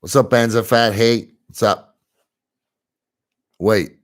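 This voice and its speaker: A live-stream host from Montreal, Canada, talks slowly in a lowish voice, with French as his first language. He keeps the casual chat going, answering viewer comments and laughing easily.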